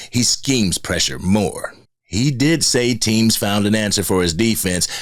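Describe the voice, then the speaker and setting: A man with a very low, deep voice hosts his own football fan video. He talks bluntly in a casual, slangy way and gets animated when he makes a point. The sound is close and dry. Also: no room sound. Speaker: sports video host.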